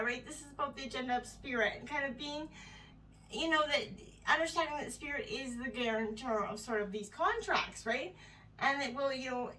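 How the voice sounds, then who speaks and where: A woman's voice: sits high, pushed and bright, distant mic, a little hiss or hum, rough recording. A woman giving a casual tarot reading, a little out of breath, meandering and full of "you know" and "right?". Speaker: tarot reader.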